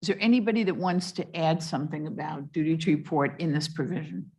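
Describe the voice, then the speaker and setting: A woman's voice: sits low, fast talker, warm tone. A woman chairing a commission meeting, talking informally and thinking aloud. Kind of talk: meeting discussion.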